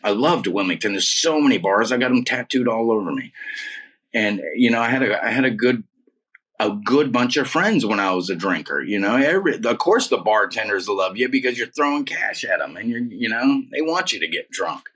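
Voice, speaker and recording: A man's voice: on the low side, lively intonation, fairly quick, a bit bright, husky. A man in his forties telling his story as an interview guest in a casual, emphatic way, dropping "man" and "dude" often. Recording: voice a bit far from the mic.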